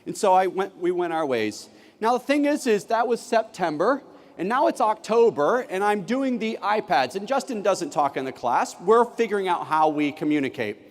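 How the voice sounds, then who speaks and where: Keynote speaker, man, high and very lively voice, acts out every line of dialogue, big hall with long reverb. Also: normal speed. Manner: animated, acts out classroom dialogue. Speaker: keynote speaker, former teacher. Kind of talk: conference keynote storytelling. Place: large conference hall.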